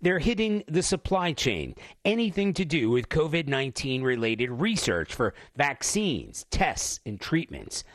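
A man's voice: a little high, sing-song, measured pace, few pauses, no echo, studio quality. A male news correspondent narrating a report with punchy, dramatic phrasing. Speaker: foreign correspondent.

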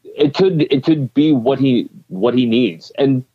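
A man's voice: mid-range voice, unhurried, breathy edge, phone-quality sound. A man co-hosting a podcast, chatting casually about baseball prospects with plenty of restarts and fillers. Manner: rambling, many restarts and fillers. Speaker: podcast co-host. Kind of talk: casual sports chat.

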